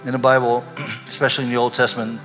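An older man, a pastor, telling a candid and emotional personal story in a sermon, animated as he goes. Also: medium pitch, fast, faint music behind. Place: church sanctuary. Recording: echoey hall.

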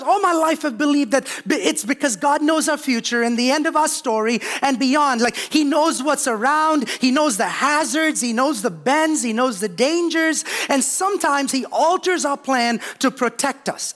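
High-voiced preaching man. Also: expressive, normal speed, few pauses, fairly bright tone. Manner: preaching, calls out to the congregation. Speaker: pastor. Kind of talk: sermon. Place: church sanctuary.

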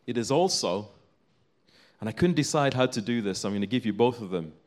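A man's voice: mid-range voice, lively intonation, brisk, a little mellow. A man preaching a sermon, telling a story in an earnest, building way.

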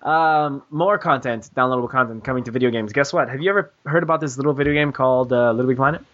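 A man's voice: mid-range voice, quick pace, a bit bright, highs cut off. A man hosting a gaming podcast, joking and teasing his co-host in casual, rambling banter.

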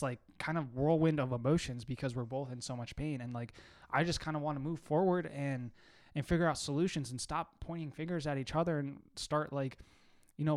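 A young man co-hosting a podcast, talking earnestly and casually with many "like"s and restarts. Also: fairly high pitch. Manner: earnest, filler-heavy, lots of "like". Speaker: podcast co-host. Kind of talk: casual chat.

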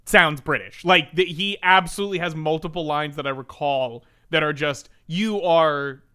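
Male podcast co-host, somewhat high and bright, emphatic, casually profane. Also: fairly even intonation, normal speed, clear, resonant tone. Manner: emphatic, swears, laughs easily. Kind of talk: casual chat reviewing a film.

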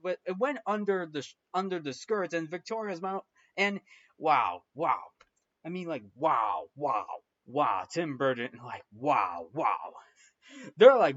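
A man's voice: a little high, a bit bright. Rambling man recapping a film. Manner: rambling, full of "like" and restarts. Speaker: film reviewer. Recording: dull lo-fi recording.

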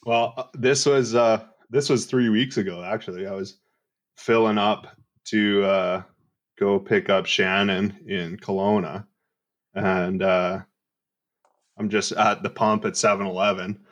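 A man tells annoyed stories in casual podcast chat. His voice sits on the low side, and his talk is full of swearing and laughter. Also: fairly even intonation, a little slow. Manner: profane, ranting, laughs at own stories. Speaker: podcast co-host.

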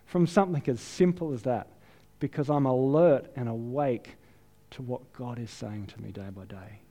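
An Australian man preaching a sermon, telling a self-deprecating story in a lively, chatty way. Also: mid-range voice, moderate pace. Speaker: pastor. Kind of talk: sermon with personal anecdote.

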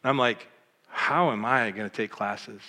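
On the low side and at normal speed, the voice carries a long reverb tail. It's a middle-aged pastor from Michigan, USA, emotionally and animatedly telling his life story as testimony while acting out the voices of those involved.

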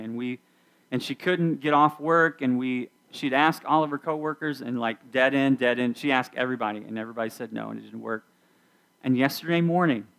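A man's voice: mid-range voice, fairly bright tone. A middle-aged man preaching a casual sermon to a youth group, speaking conversationally and leading the audience through activities. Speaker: youth pastor.

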